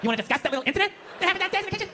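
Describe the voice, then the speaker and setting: A male comedian voicing an exasperated wife who fires off fast, nagging demands for a talk, on a live stage. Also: very high-pitched, lively intonation, background noise, pitched above the performer's own voice. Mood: scolding.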